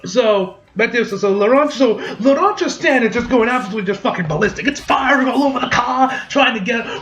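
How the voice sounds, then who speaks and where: Casual male reviewer, high voice, loose and swearing, in a roomy echo. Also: fairly quick, lo-fi sound. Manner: rambling, profane, acts out quotes in animated voices. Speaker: anime reviewer. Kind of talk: casual episode recap review.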